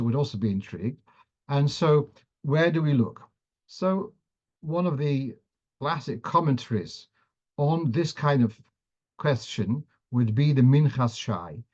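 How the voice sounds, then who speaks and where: A man's voice: mid-range voice, darkish tone, highs cut off. A man teaching a class on the cantillation of Torah readings, who often restarts phrases as he explains and sometimes chants verses.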